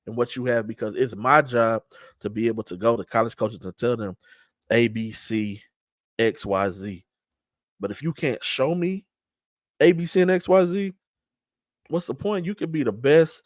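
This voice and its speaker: Middle-aged male host, emphatic streetwise talk, mid-pitched, dry mic. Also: dry recording. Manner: emphatic, trash-talking streetwise delivery with repeated restarts. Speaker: show host and event organizer. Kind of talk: casual talk-show monologue.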